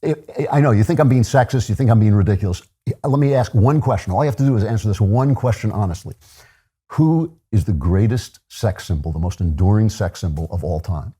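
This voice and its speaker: A man's voice: fairly low pitch, fairly quick, mellow, slightly rough. An older man hosting a political commentary show, delivering a sardonic, opinionated monologue with chuckling asides.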